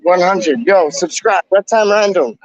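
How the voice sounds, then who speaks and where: A man's voice: high voice, expressive, a little slow, lo-fi sound. A man with an East London accent hosting casual video chats with strangers, slangy and repetitive, hyping people up. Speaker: host chatting with strangers on video call.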